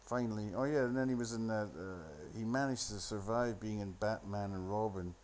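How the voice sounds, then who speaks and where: A man's voice: lowish voice, moderate pace, darkish tone, slight background noise. A man rambling into a phone, giving a sardonic, profane running commentary on a film. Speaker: solo commentator.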